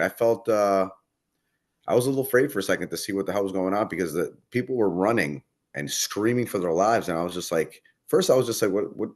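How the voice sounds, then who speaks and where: A man chatting casually as a podcast guest, telling a rambling story and swearing often. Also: sits low. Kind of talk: casual chat.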